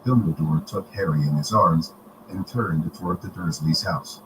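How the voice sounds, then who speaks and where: A man reading a storybook aloud on a live stream, in a steady, expressive manner. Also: low-pitched, moderate pace. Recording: noisy home recording.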